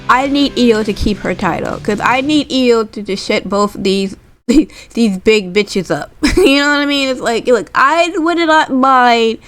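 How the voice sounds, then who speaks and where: A woman's voice: fairly high pitch, smooth, low-quality recording. A woman casually recapping a wrestling show, rambling and tagging her sentences with "like" and "right?". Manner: rambling, full of "like" and "right?" tags.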